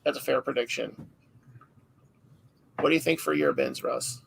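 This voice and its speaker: A man hosting a casual livestream, relaxed, reading out viewer questions and moving between guests. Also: medium pitch, normal speed, gravelly, heavy background noise. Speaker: livestream host.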